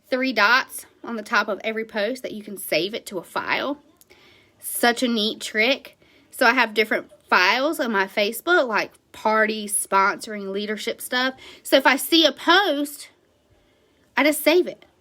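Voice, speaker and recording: A woman's voice: high-pitched, bright, forceful tone. A woman who directs a direct sales team, giving an emphatic motivational talk to her team and checking in with "right?" and "okay?".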